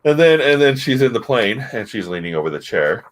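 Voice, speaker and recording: A man's voice: mid-range voice, big pitch swings, fairly quick. A man casually reviewing comic books, rambling with many fillers and restarts.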